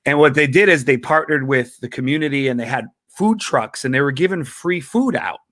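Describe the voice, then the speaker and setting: A man, a comedian and talk show guest, telling a story in an energetic, excitable way with quick restarts. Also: medium pitch, no room sound, studio quality.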